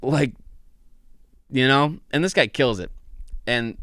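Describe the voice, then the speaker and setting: A young man hosting a casual podcast, loose and excitable, swearing freely and laughing often. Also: medium pitch, normal speed, dry recording, studio quality. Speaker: podcast host. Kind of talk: casual solo podcast chat.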